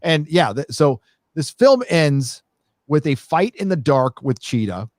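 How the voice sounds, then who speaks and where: A man's voice: on the high side, sing-song, measured pace, no room sound, clean studio sound. A man co-hosting a casual podcast movie review, rambling with lots of fillers and restarts. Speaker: show co-host.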